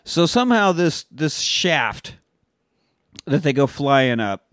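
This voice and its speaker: A man co-hosting a podcast, recapping a movie in casual, profane chat and acting out the characters' lines in quick put-on voices. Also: fairly high pitch, sing-song, fairly bright tone, dry recording, studio quality. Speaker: podcast co-host.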